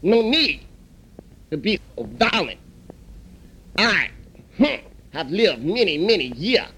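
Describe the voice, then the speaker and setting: A man voicing a calm old male restaurant elder who talks slowly and soothingly and hums between phrases. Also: sits high, slight background noise, heavily acted, poor audio.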